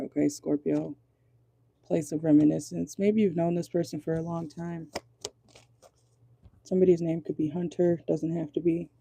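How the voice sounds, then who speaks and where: A woman giving a casual tarot reading, chatty and profane, with a voice going hoarse, constantly checking in with "okay?". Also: sits low, mellow, a little hiss or hum. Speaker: tarot reader.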